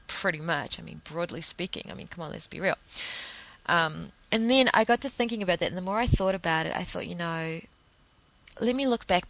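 A woman's voice: fairly low pitch, fairly bright tone, dry recording, low-quality recording. A young woman hosting a podcast, talking in a casual, reflective monologue that rambles earnestly through fillers and restarts. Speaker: podcast host.

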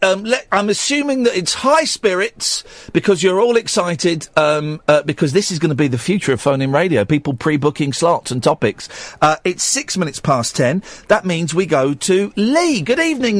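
A man's voice: sits high, animated, moderate pace, few pauses, no room sound. A man hosting a late-night radio phone-in from a studio, chatty and mock-stern, rambling between callers.

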